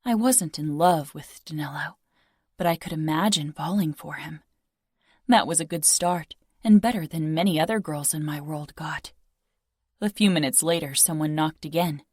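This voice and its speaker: Low-voiced woman narrating an audiobook. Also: moderate pace, a little mellow, husky, no room sound, studio quality. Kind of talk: first-person audiobook narration.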